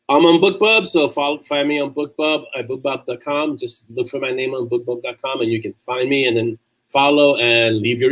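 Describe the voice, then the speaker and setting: Man, from New York, author hosting a livestream, casual chat with viewers, middle-pitched voice, rambling restarts. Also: low-quality recording. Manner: chatty and loose, frequent restarts.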